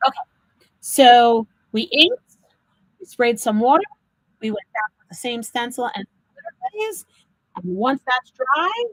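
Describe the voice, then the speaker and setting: Chatty high-voiced woman demoing crafts. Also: measured pace, pauses often, no echo, rough recording. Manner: chatty, animated storyteller; talks viewers through each step. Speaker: card-making demo host. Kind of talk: live crafting demo chat.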